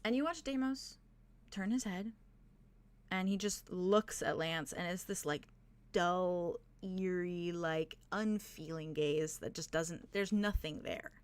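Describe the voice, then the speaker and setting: A woman's voice: lowish voice, slow pace, clean tone. A young adult woman narrating a tabletop game as game master, describing scenes with frequent fillers.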